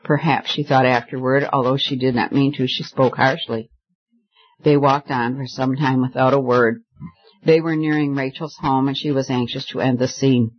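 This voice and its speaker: Casting: male audiobook narrator, steady even delivery, middle pitch, slightly dull lo-fi recording. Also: normal speed. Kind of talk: scripted narration.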